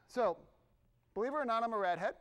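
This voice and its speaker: A middle-aged man preaching a sermon in a conversational, animated way, with asides to the congregation. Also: very high-pitched, normal speed. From Irish family background. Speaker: pastor.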